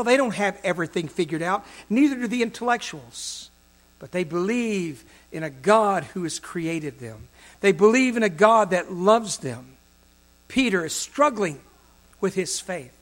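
High-voiced man preaching a dramatic sermon. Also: animated, moderate pace. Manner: dramatic, acts out quoted voices with big swings in loudness.

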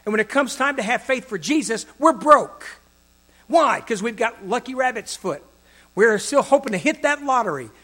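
A man preaching a sermon, acting out the voices in the stories he tells and swinging from loud to soft. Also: very high-pitched, expressive, normal speed. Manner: dramatic, acts out quoted voices with big swings in loudness.

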